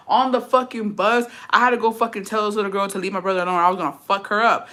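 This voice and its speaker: A woman's voice: medium pitch, fairly even intonation, fast talker, hardly any pauses, sharp tone. A young woman streaming, chatting casually and reading comments aloud, profane and sassy, laughing often. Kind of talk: casual live-stream chat.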